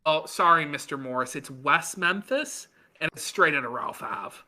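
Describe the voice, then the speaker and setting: Bright-voiced sarcastic male podcast host. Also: a little high, lively intonation, normal speed. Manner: sarcastic, mocking, swears often. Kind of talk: casual commentary reading posts aloud.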